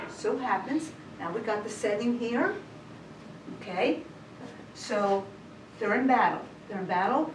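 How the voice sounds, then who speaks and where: Female Bible teacher, casual storyteller, slightly high voice, picked up from a distance in an echoey church room. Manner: chatty, retells scripture in everyday words. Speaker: women's Bible study teacher. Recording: roomy hall, distant mic, faint hiss.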